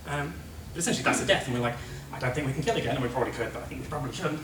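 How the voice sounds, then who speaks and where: A man presenting a convention panel, recapping a game in an excitable, laughing, swear-heavy way and acting out characters' lines. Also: medium pitch, racing, a loud crowd. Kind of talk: animated comedic recap. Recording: echoey hall, distant mic, noisy.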